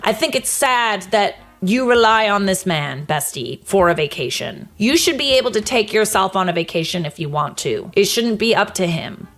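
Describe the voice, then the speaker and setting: A woman hosting a casual reaction commentary, blunt and chatty, talking to her viewers like friends. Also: mid-range voice. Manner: blunt, chatty, animated, addresses viewers as bestie. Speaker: commentary host.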